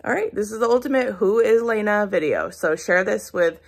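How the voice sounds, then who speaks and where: A woman vlogger chatting excitedly to camera as a fan of another vlogger. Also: mid-range voice, moderate pace. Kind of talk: casual chat to camera.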